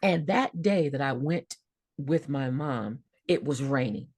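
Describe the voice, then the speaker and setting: A woman guest telling a personal story in a podcast interview, vivid and expressive, often repeating words. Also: extremely low pitch, a little slow, breathy edge, no room sound.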